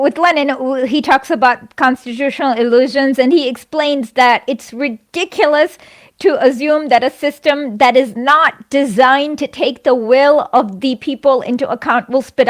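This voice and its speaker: A woman talking politics in casual chat, quick and animated, with many fillers and restarts. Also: sits high.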